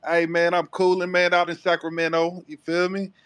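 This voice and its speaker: A laid-back male caller from Texas greets the host in a friendly way. He speaks in a flat, even tone, and the audio is dry. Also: high-pitched, normal speed, smooth, dry recording. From Port Arthur, Texas.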